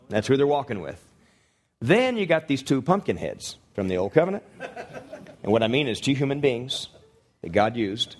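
A middle-aged man delivers a sermon in a lively, conversational way, with a voice that rises and falls across a wide range. He peppers his preaching with rhetorical questions and light humor. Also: lowish voice, husky. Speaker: guest preacher, missionary.

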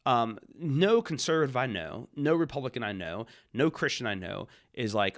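A man hosting a podcast, reading an article aloud and commenting on it in a quick, conversational way with asides and restarts. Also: mid-range voice, lively intonation, dry recording, studio quality. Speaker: podcast host.

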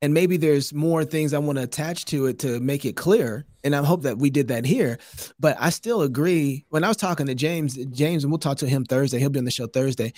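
Guy hosting a podcast, kinda high voice, laughs a lot, dry close sound. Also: a little fast, dry recording. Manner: animated, laughs often, restarts sentences. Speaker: podcast host. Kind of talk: casual chat.

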